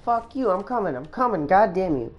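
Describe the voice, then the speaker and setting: A woman's voice: mid-range voice, sing-song, brisk, dull audio, background noise. A woman streaming a video game, laughing and swearing as she complains to her friends. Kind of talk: casual gaming stream chat.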